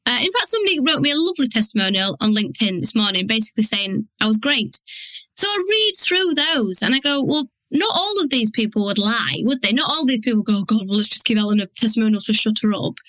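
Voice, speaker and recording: A woman's voice: on the high side, big pitch swings, quick pace, pushed and bright, no echo, poor audio. A woman hosting a podcast alone, talking frankly and acting out her inner voice in quoted asides. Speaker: podcast host. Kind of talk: candid solo podcast talk.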